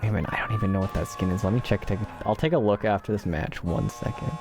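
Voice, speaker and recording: A slightly hoarse man streaming a game, chatting casually and joking at his own expense to viewers. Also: lowish voice, fast talker, over music. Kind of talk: casual gameplay commentary.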